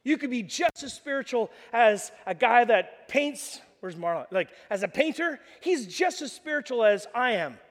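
A man preaching a sermon to a congregation in a church hall, telling lively stories and acting out the voices of the people in them. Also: very high voice, moderate pace, few pauses. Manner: animated storytelling, acts out voices. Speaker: pastor. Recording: long reverb of a large hall.

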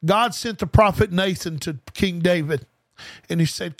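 A man's voice: high-pitched, moderate pace, dry recording. A man preaching an informal podcast sermon, fervent and colloquial, repeating key phrases and asking listeners rhetorical questions. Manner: speaks straight to listeners as "guys".

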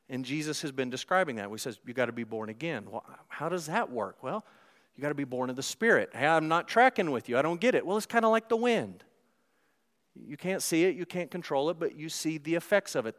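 A pastor preaching a sermon in a conversational way, climbing louder and higher for emphasis. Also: male voice. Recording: preached in a reverberant hall.

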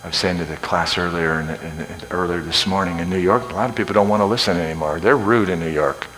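A man in his sixties preaches a sermon in a low voice at a fast pace, folksy and joking. He swings from shouting to hushed near-whispers.

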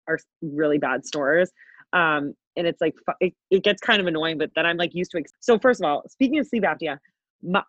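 A woman's voice: fairly low pitch, dry recording, dull audio. A young woman co-hosting a podcast, telling rambling stories in casual chat, laughing often and swearing freely. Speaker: podcast co-host.

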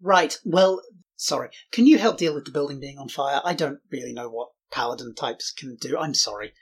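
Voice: mid-range voice, moderate pace, husky. A player at a tabletop game, making hesitant, apologetic remarks. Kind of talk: casual play at a tabletop game.

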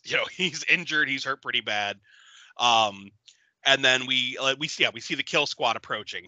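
A man co-hosting a podcast, recapping a movie in casual chat, animated and laughing often. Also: medium pitch, no echo. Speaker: podcast co-host.

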